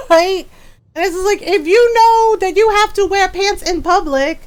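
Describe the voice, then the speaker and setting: A woman streamer chatting casually with her live viewers, ranting in exasperation and breaking into quick laughs. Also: very high voice. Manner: animated, talks to chat directly. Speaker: game streamer.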